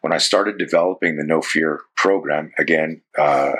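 A man's voice: rumbling low, normal speed, a bit bright, slightly rough. A Canadian man in his sixties, a self-defense coach talking as a guest in a loose, rambling way that often breaks off and restarts mid-thought, with casual swearing. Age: 60s. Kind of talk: casual interview chat.

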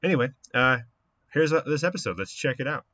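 A man's voice: medium pitch, animated, fast, pushed and bright, lo-fi sound. A man co-hosting a podcast, chatting casually and rambling with lots of fillers. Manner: easygoing, rambling with frequent fillers. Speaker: podcast co-host.

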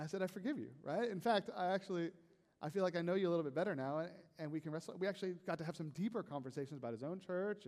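A man preaching a sermon as a pastor, in a conversational, animated way with frequent "right?" asides. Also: a little high, long reverb tail.

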